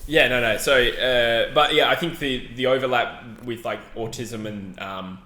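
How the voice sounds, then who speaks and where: A man's voice: mid-range voice, fairly even intonation, measured pace, pushed and bright. Rambling man, echoey room. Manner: rambling, hedging, self-correcting. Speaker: podcast co-host. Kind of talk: casual chat. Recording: roomy echo, faint background ambience.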